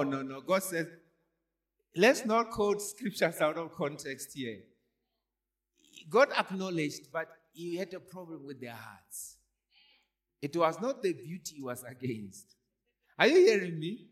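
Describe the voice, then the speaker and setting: A man's voice: on the high side, fairly bright tone. A man preaching a sermon as pastor, pressing the congregation with repeated questions like "are you hearing me". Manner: call-and-response preaching, repeated rhetorical questions.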